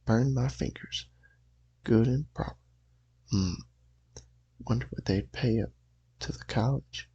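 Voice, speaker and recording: A man playing a simple-minded, stubborn country fellow in an attempted Southern accent, raspy and folksy. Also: mid-range voice, slow pace, long pauses, dark tone, no room sound, highs cut off. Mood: amazed.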